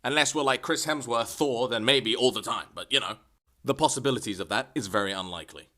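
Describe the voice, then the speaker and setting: A young man vlogging comic rants, swearing constantly and bursting into exasperated shouts. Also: medium pitch, a little fast. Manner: profane, exasperated ranting with sudden shouts. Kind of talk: comedic rant vlog.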